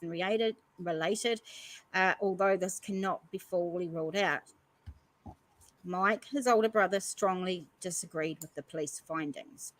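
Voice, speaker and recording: A woman's voice: fairly low pitch, normal speed, a bit bright, rough recording. Earnest New woman reading news. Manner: earnest, stops often to comment between passages. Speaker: podcast host. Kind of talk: reading news articles aloud with commentary.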